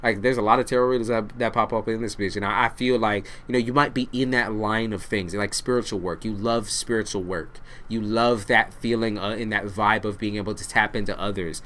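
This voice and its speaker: Brisk and with hardly a pause, a tarot reader speaks straight to the camera in a lowish, somewhat bright voice with fairly even intonation. He's blunt with the listener, curses liberally, and repeats himself to drive points home, over a faint hiss or hum.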